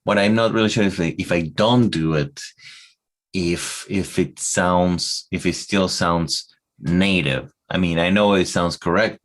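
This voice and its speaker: A man's voice: deep voice, measured pace. An Argentine man co-hosting a podcast in his second language, chatting casually and searching for words with hesitant restarts. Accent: Argentine Spanish. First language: Spanish. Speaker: podcast co-host. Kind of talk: casual conversational chat.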